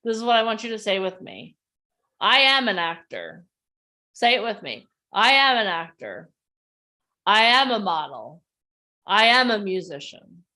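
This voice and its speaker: Bright-voiced woman coaching on a video call. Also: medium pitch, moderate pace. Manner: calm and soft in the breathing part. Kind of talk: guided breathing and motivational pep talk. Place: outdoors or near the street in a neighborhood.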